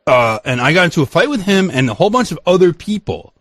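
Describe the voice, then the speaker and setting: A man holds forth on a casual podcast, telling a story in an emphatic, profanity-laced rant. His voice sits high and swings widely in pitch. The sound is dry and close, with no room around it. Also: fast, no echo. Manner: animated, profane, emphatic ranting. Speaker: podcast host.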